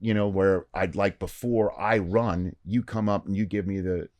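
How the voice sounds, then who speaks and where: A man on a podcast as a guest, telling a long story in casual chat and acting out the quoted lines with lively shifts. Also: low-pitched, normal speed, no room sound. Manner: animated storyteller, acts out quoted dialogue. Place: podcast studio.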